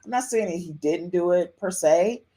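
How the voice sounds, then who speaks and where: A woman's voice: lowish voice, normal speed, warm tone, husky. Chatty woman podcast host. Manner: chatty, repeats phrases, frequent "okay?" tags. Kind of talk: casual live-stream commentary.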